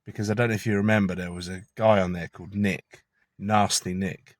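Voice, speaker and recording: A low-pitched man rambles through a conspiratorial monologue from his car. His delivery is chatty and casual, with the odd swear word. The sound is dry and close, with no room echo. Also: level tone, a little fast. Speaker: vlogger.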